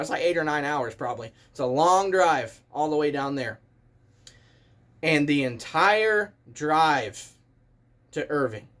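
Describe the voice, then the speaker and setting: A man in his thirties, a vlogger telling a story in an excitable, animated way as a casual rant. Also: high-pitched. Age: 30s.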